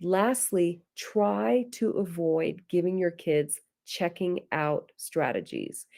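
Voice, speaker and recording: Earnest woman teaching parents, mellow voice. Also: fairly low pitch, expressive, slow pace, gravelly. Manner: earnest, direct, addresses listeners as guys; acts out gentle parent phrases. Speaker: parenting webinar presenter. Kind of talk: teaching webinar talk.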